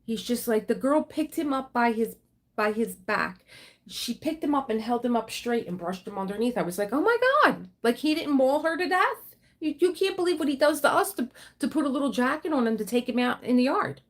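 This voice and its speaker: A woman's voice: on the high side, expressive, brisk. A woman hosting a casual livestream, chatting freely and greeting viewers as they come in. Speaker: livestream host.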